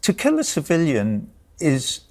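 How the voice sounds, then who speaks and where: A man's voice: a little high, huge pitch swings, measured pace, a little mellow. An older man arguing heatedly as a guest, insistent and talking over interruptions. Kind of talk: heated debate.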